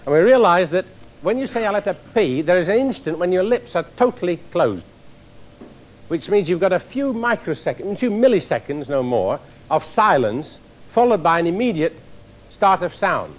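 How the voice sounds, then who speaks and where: A man, an engineering professor, giving a televised science lecture to a live audience in a lecture theatre, explaining with lively demonstrations. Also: high voice, moderate pace.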